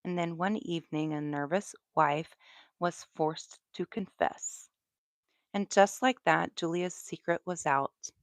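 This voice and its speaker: Southern lady telling true crime stories live, chatty, slow, lowish voice, dry close mic. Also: dry recording. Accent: American Southern. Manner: relaxed, chatty, with asides. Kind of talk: live storytelling.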